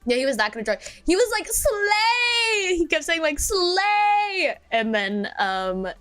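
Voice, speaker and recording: High-voiced giggly woman rambling. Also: lively intonation, fairly quick, a bit bright, soft background music. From United States. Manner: rambling storytelling, full of fillers and giggles. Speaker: streamer. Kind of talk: casual chat.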